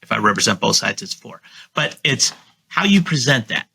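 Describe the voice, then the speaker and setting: A middle-aged man, a guest real estate agent, talking casually in a podcast interview and confidently coaching how he pitches to sellers. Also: sing-song, normal speed, vocal fry, sharp tone, breathy edge. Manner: confident, coaching tone, acts out his sales pitch.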